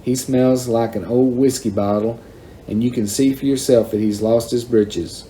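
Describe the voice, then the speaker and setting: A man reading aloud and voicing a prim, bossy little girl who scolds and tattles in a shrill voice. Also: steady tone, normal speed, dark tone, a little hiss or hum, lightly acted. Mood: tattling.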